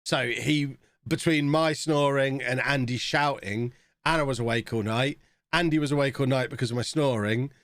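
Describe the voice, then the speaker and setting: A man's voice: mid-range voice, normal speed, fairly bright tone, no echo, studio quality. Chatty man streaming a game. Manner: chatty, reacting to the game as it plays. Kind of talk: casual live-stream chat.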